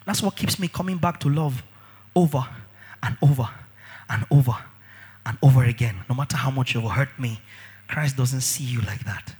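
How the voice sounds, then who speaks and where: With a slightly rough voice, a man preaches an animated sermon. Repetition gives his phrases emphasis, while his delivery rises to shouts and falls quiet in turn.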